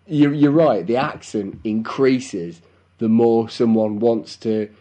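A man's voice: medium pitch, slow pace, warm tone. A young man co-hosting a podcast, chatting casually in a rambling way, laughing often and swearing. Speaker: podcast co-host. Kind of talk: casual chat.

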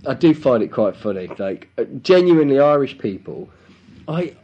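A man's voice: mid-range voice, very animated, moderate pace, mellow, lo-fi sound. A young man co-hosting a podcast, chatting casually in a rambling way, laughing often and swearing. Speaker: podcast co-host. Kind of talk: casual chat.

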